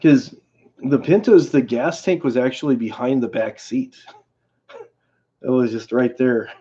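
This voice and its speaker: Guy on a stream rambling through a story, lots of restarts, mellow low voice, kinda muffled lo-fi audio. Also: slight background noise. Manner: rambling, halting, many restarts. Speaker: livestream host. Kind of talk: casual storytelling on a livestream.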